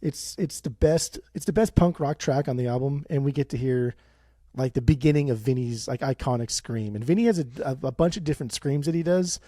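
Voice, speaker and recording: A young man co-hosting a podcast in casual chat, animated and swearing often, with rants that jump high. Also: brisk, no echo, studio quality. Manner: animated, swears a lot, bursts of high-pitched ranting. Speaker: podcast co-host.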